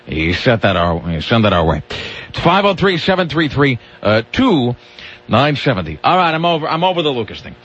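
Rambling radio host, husky voice, lively pitch. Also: male voice, brisk. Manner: rambling, restarts, grumpy rants. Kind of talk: casual radio banter. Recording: dull lo-fi radio broadcast.

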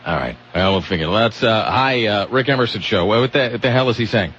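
A man's voice: on the low side, expressive, fairly quick, fairly bright tone, highs cut off, slight background noise. A man hosting a comedic talk radio show, rambling and sarcastic, often cutting himself off mid-sentence. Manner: sarcastic, rambling, self-interrupting.

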